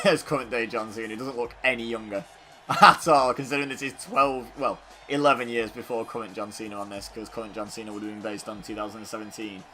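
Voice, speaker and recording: The gaming YouTuber's medium-pitched voice sounds pushed and bright as he talks over a wrestling video game. His commentary is loose and rambling, stuffed with fillers and self-deprecating jokes.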